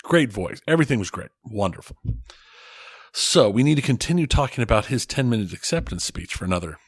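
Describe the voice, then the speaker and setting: A man's voice: medium pitch, sing-song, a little fast, slightly rough, dry recording, studio quality. A man co-hosting a podcast in casual chat, telling stories emphatically and chuckling. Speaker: podcast co-host.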